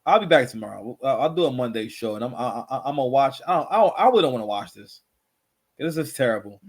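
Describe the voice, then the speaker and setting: A man's voice: medium pitch, lively intonation, fast. A man hosting a casual reaction commentary show, rambling and repeating himself with constant filler phrases.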